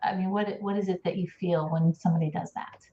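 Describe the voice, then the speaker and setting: A woman's voice: lowish voice, fairly even intonation, quick pace, dark tone, lo-fi sound, slight background noise. Chatty woman coach on a roomy call. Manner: explains with demonstrations, laughs often. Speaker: speech and voice coach. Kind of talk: casual live-stream chat. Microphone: video call.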